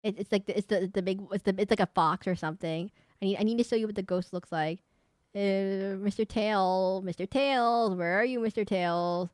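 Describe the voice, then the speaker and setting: Rambling woman streamer, crisp dry voice. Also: medium pitch, moderate pace, no room sound. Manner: rambling, self-correcting, laughing. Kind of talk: casual live-stream commentary.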